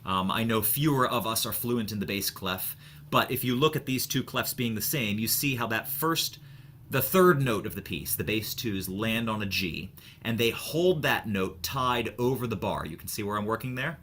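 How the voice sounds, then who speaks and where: A man giving an online music lecture, thoughtful and animated, with many fillers and restarts. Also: lowish voice, moderate pace, slight background noise. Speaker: choir director.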